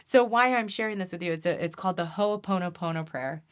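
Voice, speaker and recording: Woman guest, low voice, earnest and emphatic, conversational interview. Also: fast talker, clear, resonant tone. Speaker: guest energy healer.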